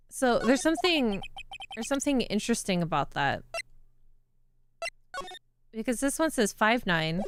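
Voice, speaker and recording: A woman streaming a game, chatty and self-deprecating, thinking out loud as she plays. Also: fairly high pitch, very animated, measured pace, pauses often. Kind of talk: casual game stream commentary. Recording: game music behind voice.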